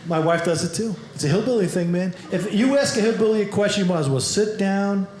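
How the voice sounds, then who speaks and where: A man's voice: sits high, fast. A man with a New York accent doing stand-up comedy, brashly teasing and quizzing members of the audience. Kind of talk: stand-up comedy with crowd work. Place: comedy club stage before a live audience. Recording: echoey room with loud audience noise.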